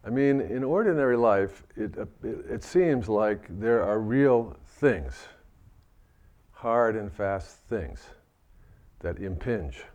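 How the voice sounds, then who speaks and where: A man with a fairly low voice delivers a Buddhist dharma talk. He speaks gently and reflectively, working his way through ideas and often restarting phrases as he searches for words. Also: expressive, slow pace. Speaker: Buddhist teacher.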